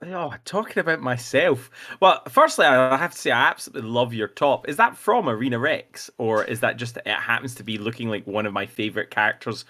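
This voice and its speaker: A man's voice: medium pitch, expressive, fairly quick, hardly any pauses, pushed and bright. A man with a Scottish accent, a joking, teasing guest in a casual livestream chat.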